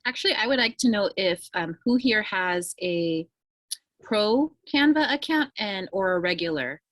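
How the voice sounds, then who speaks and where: A woman co-presenting a tutorial on a video call, relaxed and conversational. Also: mid-range voice, a little slow, no echo. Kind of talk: casual online tutorial chat.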